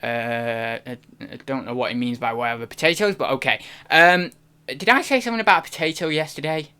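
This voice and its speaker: A man's voice: mid-range voice, fairly quick, bright, forceful tone, clean tone. A man hosting a live stream, chatting casually in a rambling, self-deprecating way. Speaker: reselling streamer host.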